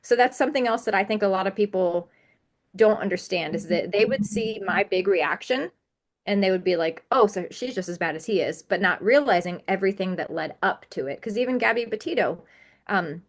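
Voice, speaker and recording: A woman speaks as an interview guest at a steady, middle pitch. She is earnest and emphatic and stacks up repeated words to drive her points home. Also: brisk. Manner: earnest and emphatic, piling up repetitions. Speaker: podcast guest. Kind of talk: candid interview conversation.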